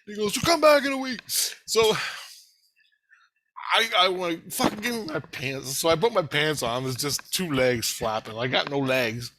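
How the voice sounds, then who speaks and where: A man telling a rambling, profane story in a casual monologue, laughing and animated as he retells it. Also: on the high side, moderate pace.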